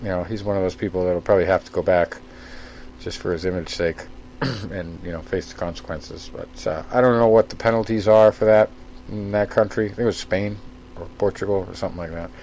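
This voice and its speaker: Man, lowish voice, podcast co-host, relaxed rambling chat, lots of fillers, faint hiss. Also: brisk. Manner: relaxed and rambling, many fillers like uh and you know. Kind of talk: casual chat.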